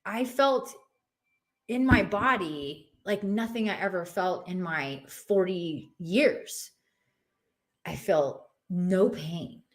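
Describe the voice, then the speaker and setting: Speaking slowly in a lowish voice, a woman in her forties shares a personal story as a podcast guest. She's casual and expressive, performing the voices she heard along the way.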